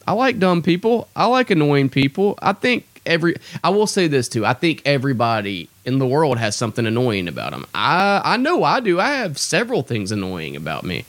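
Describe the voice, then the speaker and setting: Brisk and very animated, barely pausing, this young man's voice is a little high and a bit bright, with no room sound. He hosts a podcast as a stand-up comic, ranting casually, cursing, exasperated and self-deprecating.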